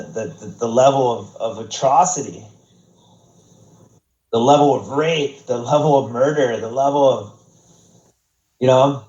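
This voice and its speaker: A man's voice: mid-range voice, darkish tone. An American man telling stories as a podcast guest in a casual, rambling way, swearing often and restarting his sentences. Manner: profane, rambling, many restarts. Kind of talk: casual storytelling. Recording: roomy, dull podcast audio.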